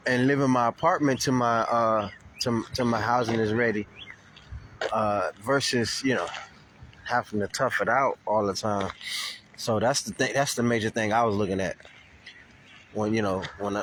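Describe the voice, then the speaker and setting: Dude rambling on his vlog, cussing a lot, animated storytelling, bit of hiss behind him. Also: medium pitch. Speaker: vlogger. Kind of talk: casual rambling video update. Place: Florida.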